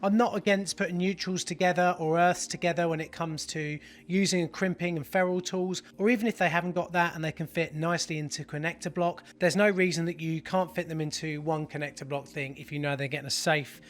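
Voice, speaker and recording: A man's voice: a little high, fairly even intonation, a little fast, few pauses. A man giving casual, chummy voice-over asides in a plumbing tutorial. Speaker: plumber host. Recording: voice-over with loud music behind.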